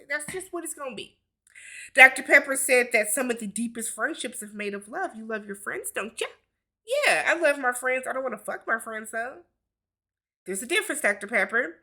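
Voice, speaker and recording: A woman's voice: a little high, pushed and bright. A woman giving a blunt, exasperated, profane recap of a reality show in casual talk.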